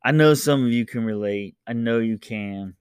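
A man in his thirties talks straight into the mic, dry and close, with no room sound. He speaks at a middle pitch and runs his solo podcast as relaxed, animated chat. He laughs often and keeps his stories moving. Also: normal speed, clean tone, no echo. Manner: animated storyteller who laughs often and jumps into high voices. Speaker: podcast host. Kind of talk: casual solo podcast monologue.

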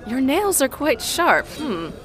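A woman's voice: sits high, big pitch swings, slow pace, a bit bright, a faint crowd, voice pushed up, full character voice. A woman voicing a shifty, chatty young townswoman in improvised role-play, rambling evasively with nervous bursts. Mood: sly.

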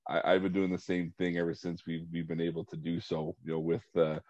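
A man's voice: deep voice, monotone, a little fast, darkish tone, no room sound. A man hosting an interview, chatting in an affable way while asking his guest questions. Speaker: podcast host. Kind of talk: conversational interview. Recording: dull, dry lo-fi audio.

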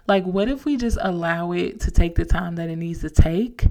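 Young woman podcast host, lowish gravelly voice, chatty and slangy, telling a story all animated. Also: normal speed, hardly any pauses. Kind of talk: casual motivational talk.

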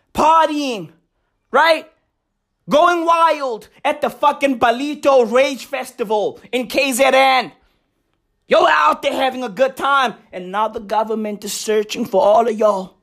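A man, ranting loudly and mockingly, swearing and laughing as he talks. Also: very high voice, vocal fry. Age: 20s. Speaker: comedic ranter. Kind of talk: profane comedic rant. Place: outdoors in a lively neighborhood.

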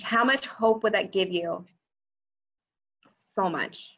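A woman co-hosting a casual chat who gets excited easily and laughs often. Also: medium pitch, slow pace, gravelly. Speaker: podcast co-host. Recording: slightly dull, lo-fi sound.

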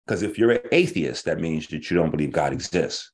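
A man's voice: a bass voice, animated, a little fast. A man hosting an online talk show, delivering a casual, profane monologue and acting out the people he argues with.

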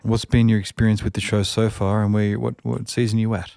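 Man, middle-aged, podcast host, low voice, dry close sound, rambling questions, restarts words. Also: level tone, a little fast, creaky, warm tone, dry recording. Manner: rambling, repeats words when starting questions. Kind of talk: casual interview chat.

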